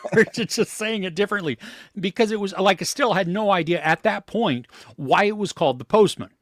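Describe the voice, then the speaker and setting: A man's voice: high voice, normal speed, dry recording. Dry-miked man ranting about movies. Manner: blunt, animated when ranting about films. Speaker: movie podcast co-host. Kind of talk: casual live chat.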